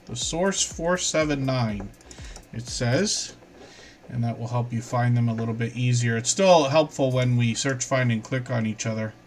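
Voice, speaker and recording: A man's voice: medium pitch, moderate pace, soft background music. Chatty man hosting a live stream. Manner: chatty, apologetic, says pardon me often. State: lingering cough. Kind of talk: casual live stream chat.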